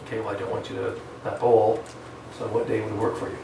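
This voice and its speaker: This man talks fast in a fairly low, slightly mellow voice with vocal fry and a flat delivery, yet teaches his live sales seminar with plenty of energy. He acts out client phone calls and changes speed on purpose, heard via a distant mic in an echoey room with slight background noise.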